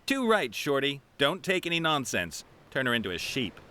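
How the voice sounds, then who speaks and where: Captain Nate, a cocky sky rogue. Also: male voice, medium pitch, sing-song, moderate pace, sharp tone. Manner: cocky, jokey, laughing. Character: cocky male sky captain and treasure hunter.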